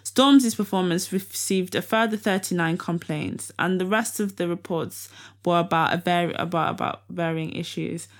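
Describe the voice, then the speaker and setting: A woman's voice: on the low side, normal speed, few pauses. Laughing, chatty young woman. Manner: laughs often, chatty and animated, reads news items aloud. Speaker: podcast co-host. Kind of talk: casual chat.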